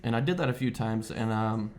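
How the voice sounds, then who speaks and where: A man's voice: lowish voice, brisk. A man hosting a casual podcast over beers, telling a story with lots of swearing and acted-out quotes. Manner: profane, animated storyteller who acts out quotes. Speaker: podcast host.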